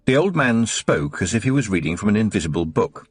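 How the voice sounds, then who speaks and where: A man narrates a novel with expressive storytelling and a lively voice that moves up and down. His tone is gravelly and a bit husky. The recording is close and dry. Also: deep voice, fast talker, few pauses, dry recording. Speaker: audiobook narrator. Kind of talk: scripted narration.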